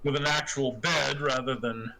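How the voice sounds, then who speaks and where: A man's voice: medium pitch, fairly even intonation, normal speed, vocal fry, noisy background, natural voice. Man playing a friendly folksy country fellow. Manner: folksy, hesitant. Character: friendly rustic man, grateful and easygoing.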